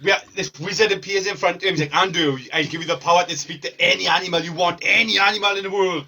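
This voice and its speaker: A man's voice: high-pitched, fast, husky. A man co-hosting a podcast, telling stories in casual, teasing banter with plenty of swearing. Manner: swearing, teasing, animated storytelling. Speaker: podcast co-host. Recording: noisy background.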